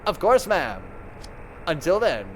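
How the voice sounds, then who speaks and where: A man's voice: high voice, very animated, slow, a bit bright, a little hiss or hum, heavily acted, rough recording. A man voicing a genteel, scheming married woman who talks in a prim way.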